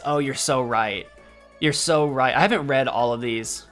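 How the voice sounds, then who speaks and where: A man's voice: mid-range voice, moderate pace, a bit bright, faint music behind. A man streaming a video game, chatting casually, laughing often and thinking aloud as he reacts to what happens on screen. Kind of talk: casual let's-play commentary.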